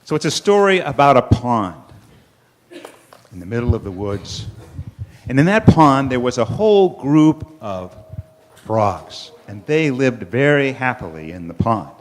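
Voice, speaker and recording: A man telling a children's story at a worship service, animated, with dramatic pauses. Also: mid-range voice.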